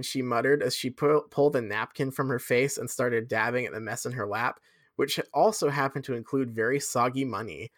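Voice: mid-range voice, brisk, no echo, studio quality. A podcast host reading fan fiction aloud with dramatic flair, breaking off for sweary asides.

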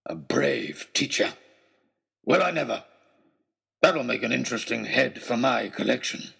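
A man's voice: mid-range voice, expressive, normal speed, gravelly, fairly bright tone, breathy edge, full character voice. A man voicing a savage, murderous male villain who snarls his threats in a storybook reading. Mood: menacing. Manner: snarling, menacing.

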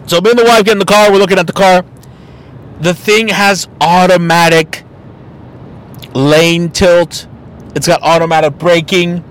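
A young man with a fairly high voice tells a casual, swear-filled story as a podcast host. He talks in an animated way and slips into other people's voices as he goes. His manner is loose and conversational, like a friend recounting his week. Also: unhurried, pauses often.

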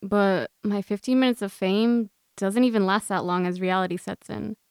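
Young woman guest reading her own story, smooth and clear voice, close and dry. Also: mid-range voice, steady tone, normal speed, darkish tone, no echo. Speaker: guest author. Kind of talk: reading a personal essay aloud.

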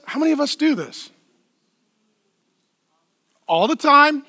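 A male pastor preaching a lively, playful sermon in a church, acting out the people in the story. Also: very high-pitched, takes it slowly, long pauses, no room sound, clean studio sound. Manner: animated, playful, acts out voices and laughs at own jokes.

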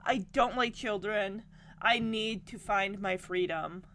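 A woman's voice: mid-range voice, slow, a bit bright. A woman voicing a pet bird who makes a break for the window, blunt and dismissive. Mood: defiant. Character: bolting male pet bird craving freedom.

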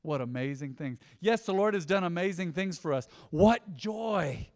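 Man, middle-aged, pastor, upbeat sermon, slightly high voice, long church reverb. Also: normal speed. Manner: animated, swings from loud exhortation to soft asides. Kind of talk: lively sermon. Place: church sanctuary.

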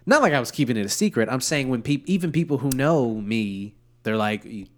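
In his late twenties, this man hosts a podcast, joking casually and swearing a lot. His voice sits at medium pitch with lively intonation, and he talks fairly quickly.

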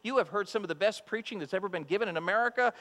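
A man's voice: high voice, racing, fairly bright tone. A preacher voicing an urging, fatherly pastor. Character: earnest male pastor encouraging an elderly woman. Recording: long hall reverb with mains hum.

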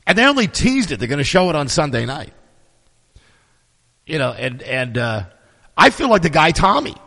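A middle-aged man hosting his podcast, telling stories in a sarcastic, profane, animated casual monologue. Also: a little high, normal speed, creaky, big-room sound. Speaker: podcast host.

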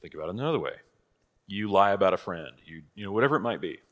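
A man's voice: deep voice, animated, racing, fairly bright tone. A man teaching a church catechism class in a casual, conversational way, asking rhetorical questions and laughing at his own asides.

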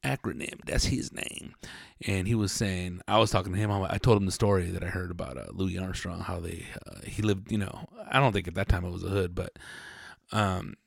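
A man's voice: sits low, fairly even intonation, fairly quick, vocal fry, no room sound, clean studio sound. A man in his forties hosting a podcast, rambling casually and swearing freely as he tells stories. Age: 40s. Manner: rambling, profane, laid-back storytelling. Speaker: podcast host.

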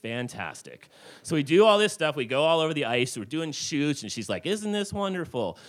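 A man's voice: mid-range voice, a little fast. A middle-aged man telling a rambling true story to a live audience in a tavern, with lots of fillers. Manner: animated, rambling with many fillers.

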